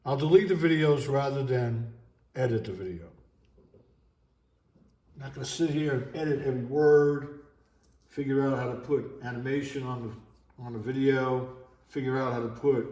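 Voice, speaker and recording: A man's voice: medium pitch, normal speed, pauses often, warm tone. Rambling, emotional man in an echoey room. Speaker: vlogger. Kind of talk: unscripted monologue vlog. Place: at home.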